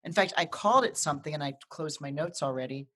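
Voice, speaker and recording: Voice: medium pitch, fast talker, pushed and bright. An astrologer co-host in a casual live video chat, telling a personal story with frequent restarts and repeated words.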